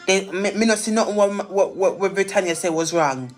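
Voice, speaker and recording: A woman's voice: mid-range voice, brisk, faint music behind. Ranting woman on a livestream. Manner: emphatic, repetitive, ranting. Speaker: live streamer. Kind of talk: heated live-stream rant.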